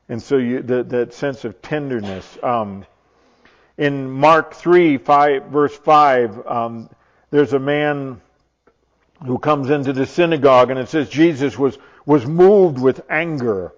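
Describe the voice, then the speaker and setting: Man, bible teacher, slow earnest sermon, restarts sentences, dull lo-fi sound. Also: mid-range voice. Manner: earnest, rambling with restarts, drops to a hush on tender points. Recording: dull lo-fi recording.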